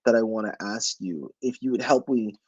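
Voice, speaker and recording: A man's voice: fairly low pitch, fairly even intonation, moderate pace, a little mellow, husky, dry recording, highs cut off. A man giving a motivational webinar talk as the presenter. He speaks emphatically and asks his audience many rhetorical questions.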